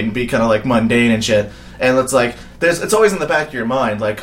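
A man's voice: mid-range voice, quick pace, fairly bright tone. A man co-hosting a casual podcast chat, rambling with frequent swearing and laughter, mentally worn out. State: mentally exhausted. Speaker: podcast co-host.

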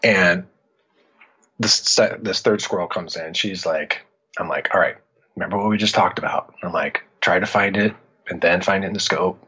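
Man, middle-aged, from Iowa, podcast guest, animated storyteller, bright forceful tone, dull lo-fi sound. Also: deep voice, moderate pace, slightly rough. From Iowa, United States. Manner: animated, acts out his own past lines. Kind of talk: casual storytelling. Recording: dull lo-fi audio.

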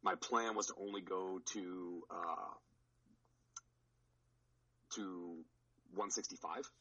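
Deep husky-voiced man chatting. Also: fairly even intonation, takes it slowly, bright, forceful tone, rough recording. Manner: rambling, with many restarts and fillers. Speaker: podcast regular recounting a powerlifting meet. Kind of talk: casual chat.

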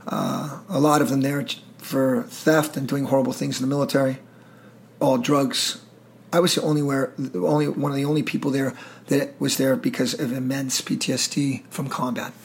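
Gravelly, intense male veteran. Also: medium pitch, level tone, normal speed. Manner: intense, profane, emotional. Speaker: guest, military veteran. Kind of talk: storytelling interview.

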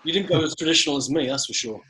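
Male co-host, slightly high voice, dry and wry, casual banter and comic verse. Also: racing, sharp tone. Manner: dry, reads comic poems aloud. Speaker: podcast co-host. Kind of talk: casual chat.

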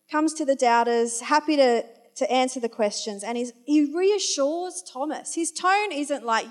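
A woman's voice: high-pitched, normal speed, hardly any pauses. A woman preaching a conversational sermon, chatty and informal, with wry asides and the odd moment of losing her place. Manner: loses her place and corrects herself aloud.

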